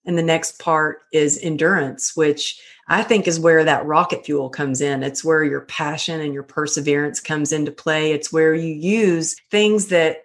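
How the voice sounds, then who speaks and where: A middle-aged woman talking about her life in an earnest, animated storytelling way as a podcast guest. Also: deep voice. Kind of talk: casual conversation.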